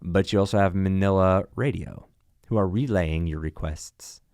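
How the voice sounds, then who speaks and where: Casting: male airline pilot guest, low smooth voice, dry close sound, animated storyteller. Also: moderate pace, no room sound. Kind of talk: casual podcast chat.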